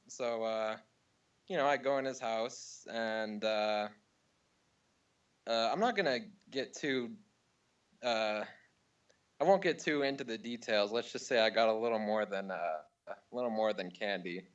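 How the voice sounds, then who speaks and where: A young man calling in to a radio show, telling a long story in a rambling, deadpan way with many fillers. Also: lowish voice, unhurried, long pauses, smooth, dull audio. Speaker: caller. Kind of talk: prank story told over the phone.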